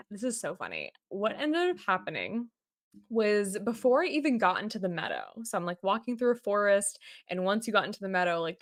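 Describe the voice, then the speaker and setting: A woman's voice: medium pitch, fairly bright tone, no room sound, clean studio sound. A woman from Boston hosting a podcast, telling a personal story in a chatty way with lots of fillers and frequent laughs. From Boston, USA. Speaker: podcast host.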